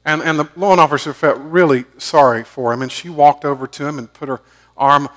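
A man preaching a sermon, telling stories and swinging from loud emphatic bursts to hushed low asides. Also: steady tone, brisk. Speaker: pastor.

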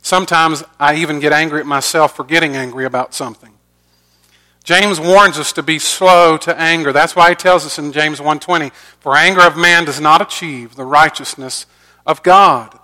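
This high-pitched male voice belongs to a middle-aged pastor delivering an earnest sermon. His lines shift between loud emphasis and softer, quieter moments.

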